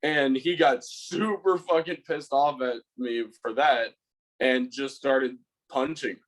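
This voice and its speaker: This young man's mid-range voice moves slowly with fairly even intonation, captured on a low-quality recording. As a podcast co-host, he tells a meandering, profanity-laced story about a fight, acting out his own words.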